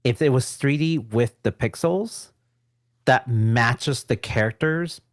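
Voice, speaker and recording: A man co-hosting a casual video game podcast, chatty and quick to chime in with short agreements. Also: mid-range voice, dry recording, clean studio sound. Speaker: podcast co-host. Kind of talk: casual chat about video games.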